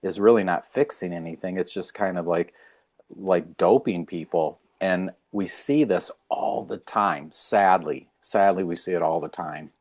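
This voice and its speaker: A man's voice: low voice, measured pace. A middle-aged man, a chiropractor being interviewed, talking casually and acting out quoted dialogue as he tells stories. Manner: animated storyteller, acts out quoted dialogue. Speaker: chiropractor guest.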